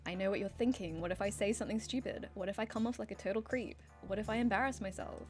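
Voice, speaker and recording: A woman's voice: medium pitch, fast, close to an everyday voice. A woman voicing a grand, pompous old male Norse god who makes mock-solemn proclamations, with faint music behind her. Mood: encouraging.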